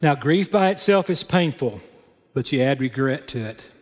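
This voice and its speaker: A man with a mid-range voice and lively intonation preaches a sermon, reading scripture and adding plain, folksy remarks. His unhurried, plainspoken storytelling echoes with long hall reverb.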